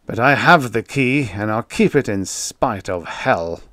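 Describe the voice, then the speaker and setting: A man's voice: lowish voice, animated, a little slow, fairly bright tone, no echo, studio quality. A man voicing an obsessed, haunted male explorer who growls and raves. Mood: brooding. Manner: growling, raving.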